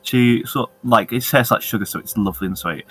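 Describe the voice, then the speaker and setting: A British-accented player describing actions quickly and playfully in a tabletop game. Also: mid-range voice, fairly bright tone, breathy edge, soft background music. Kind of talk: tabletop role-play chat.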